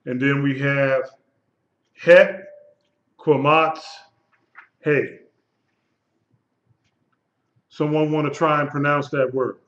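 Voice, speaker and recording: Man, Hebrew teacher, slow and patient, echoey room, dull lo-fi sound. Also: mid-range voice, steady tone, a bit bright. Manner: slow, patient, repeats words for students. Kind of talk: live classroom lesson.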